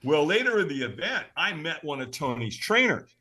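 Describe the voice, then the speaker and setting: A man, a podcast guest, telling a personal story in an animated way, acting out the voices he quotes and sometimes shouting them. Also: on the high side, moderate pace.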